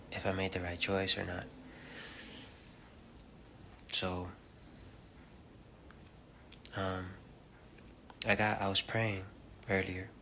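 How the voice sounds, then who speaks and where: Very deep gravelly man, soft halting preacher. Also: a little hiss or hum. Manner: soft-spoken, halting, many pauses and fillers; switches between English and Spanish. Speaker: preacher on a livestream. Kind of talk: informal spiritual message. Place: home livestream. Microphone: phone or webcam.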